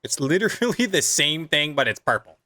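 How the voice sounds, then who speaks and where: A man's voice: on the high side, very animated, brisk, bright, forceful tone, soft background music. A young man giving comedic gameplay commentary, joking and self-mocking with stammered restarts. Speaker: gaming youtuber.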